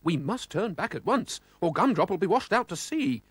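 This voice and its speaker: A man voicing an excitable elderly car owner in a storybook, exclaiming in a raised, excited voice. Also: high voice, a little slow, breathy edge, no room sound, voice pushed up, exaggerated voice. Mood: alarmed.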